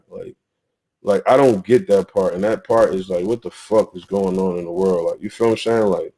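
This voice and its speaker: A man's voice: medium pitch, darkish tone, poor audio. A young man on a talk show panel, giving heated, profane commentary full of repeated phrases and rhetorical questions. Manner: ranting, profane, repeats himself; rhetorical questions, "you feel me" fillers. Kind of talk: casual chat, heated commentary.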